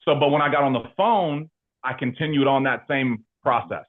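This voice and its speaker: A man talking casually as an interview guest about his work, animated and slangy, with lots of fillers. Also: medium pitch, moderate pace. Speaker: insurance agency leader and guest. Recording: tinny phone-like line.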